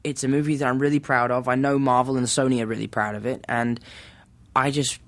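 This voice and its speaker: A man's voice: medium pitch, level tone, fairly quick. A man in his twenties with an English accent, a guest on a podcast, chatting in an upbeat, self-deprecating way. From England. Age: 20s. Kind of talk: casual interview chat.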